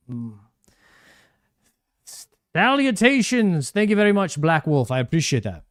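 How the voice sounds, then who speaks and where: A man's voice: fairly high pitch, very animated, moderate pace, long pauses. A man streaming a video game live, chatting casually and thanking viewers by name.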